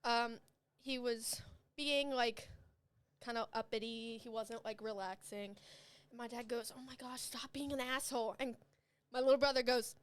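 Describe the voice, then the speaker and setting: A woman's voice: fairly high pitch, steady tone, moderate pace, clear, resonant tone. A young woman, a podcast guest, chatting casually and telling rambling stories with lots of laughter. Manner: giggly, rambling storyteller.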